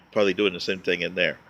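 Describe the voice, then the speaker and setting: A man vlogging, telling a wry, joking story with drawn-out emphasis on his punchlines. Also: deep voice, gravelly, a bit bright, dull audio, a little hiss or hum. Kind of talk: casual storytelling monologue.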